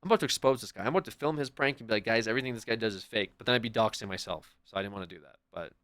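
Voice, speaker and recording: A man livestreaming and chatting casually with his viewers in a rambling, profane, animated way. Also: lowish voice, racing.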